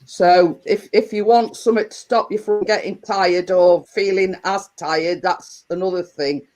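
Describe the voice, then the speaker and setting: This is a woman hosting a casual live chat for her viewers. She talks slowly and rambles, circling back and restarting her sentences with plenty of fillers. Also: lowish voice, steady tone, darkish tone, poor audio. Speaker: livestream host.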